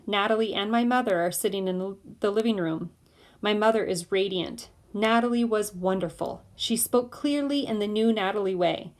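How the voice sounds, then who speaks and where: A woman reading a novel aloud in steady first-person narration. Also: medium pitch. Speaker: audiobook reader.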